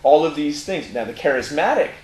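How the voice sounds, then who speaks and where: A man's voice: on the high side, expressive, a little fast, darkish tone. A middle-aged Californian man, a tattoo parlor owner, candidly telling his life story in an interview with many fillers. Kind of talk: personal testimony in conversation. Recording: echoey room, faint noise.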